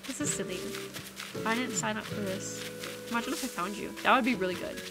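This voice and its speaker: Her mid-range voice moves fairly quickly as she live-streams a video game, trading casual, teasing banter with viewers. Video game music plays behind her.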